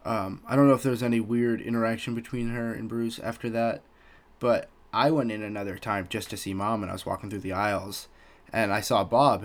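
Young man telling a story, lively. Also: fairly low pitch, brisk. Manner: animated, swears a lot, acts out quoted voices. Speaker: podcast host. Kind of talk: casual storytelling.

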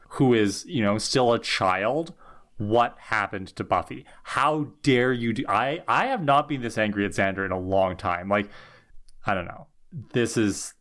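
A man co-hosting a podcast, walking through a TV episode's plot in casual chat, earnest and quick to get indignant. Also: fairly low pitch, a bit bright. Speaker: podcast co-host.

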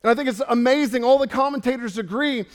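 A man's voice: very high voice, fast talker, long reverb tail. A male pastor preaching a sermon in a church, fervent and storytelling.

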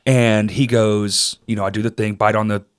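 A man's voice: fairly low pitch, little pitch movement, moderate pace, smooth. A man in his late thirties in casual podcast chat, swearing freely and mocking himself, often restarting his sentences. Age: late 30s. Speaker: podcast co-host.

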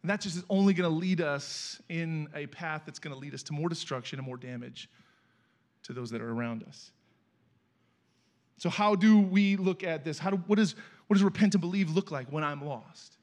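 A middle-aged man preaching as a guest speaker in a church, telling stories in a conversational, animated way. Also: on the high side, normal speed. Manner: conversational, animated storytelling with acted quotes. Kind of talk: sermon with storytelling. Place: church sanctuary.

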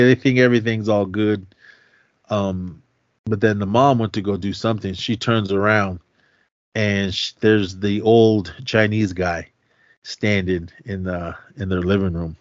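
A man's voice: on the low side, no echo. Guy on a podcast retelling a movie, rambly, keeps restarting, dry slightly muffled sound. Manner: rambling, restarts sentences, laughs often, acts out quotes. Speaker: podcast co-host. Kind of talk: casual movie recap chat.

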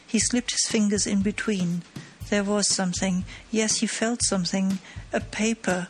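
A woman narrating an audiobook of a classic mystery in a measured, dramatic storytelling manner. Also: mid-range voice, steady tone, faint music behind, rough recording. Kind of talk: scripted narration.

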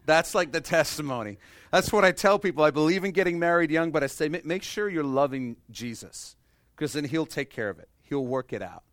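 A man in his thirties preaching a sermon as pastor, swinging between loud emphatic lines and quiet, intimate ones. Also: a little high, expressive, a little fast, no echo.

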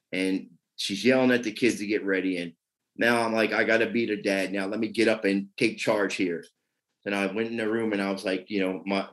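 A man's voice: fairly low pitch, poor audio. A man, a podcast guest telling his addiction recovery story in a rambling, emotional way. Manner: emotional, rambling, many "you know what I mean".

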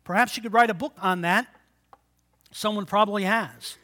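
A man in his sixties preaching a sermon, swinging between loud exhortation and quiet, low asides, and calling for amens from the congregation. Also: normal speed. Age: 60s. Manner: call-and-response with the congregation. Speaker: pastor.

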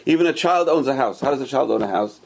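A man giving a religious Torah class, emphatic and repetitive, rising sharply on stressed words and dropping low on asides. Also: lively intonation, quick pace, gravelly, darkish tone. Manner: emphatic, repeats key phrases. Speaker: religious teacher.

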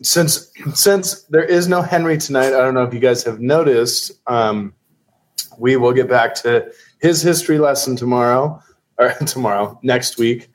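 Co-host: easygoing man, mid pitch, casual intros. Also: normal speed. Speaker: podcast host. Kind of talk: casual podcast chat.

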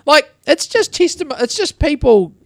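A man with a fairly high voice rambles through a tale on a casual podcast, swearing freely. He sounds close and dry, with no room around him. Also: very animated, normal speed, dry recording. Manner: rambling, swearing anecdotal storyteller. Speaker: podcast host.

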